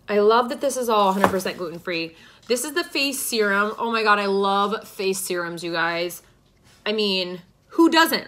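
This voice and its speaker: At home, a beauty vlogger and podcast host unboxes skincare products casually, gushing with enthusiasm as she walks through each one. Her voice is medium-pitched, with background noise present.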